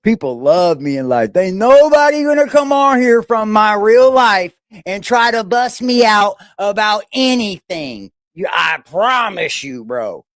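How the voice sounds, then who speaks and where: A man's voice: high voice, very animated, a little slow, few pauses, a bit bright, no echo, clean studio sound. A middle-aged man hosting a casual, profane livestream, brash and mocking, laughing often. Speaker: livestream host reacting to videos.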